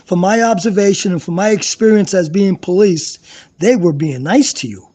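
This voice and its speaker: A man's voice: sits high, moderate pace, warm tone. A man who hosts a live chat and was once police, firmly correcting his guest. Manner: firm, correcting. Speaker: live show host, former police.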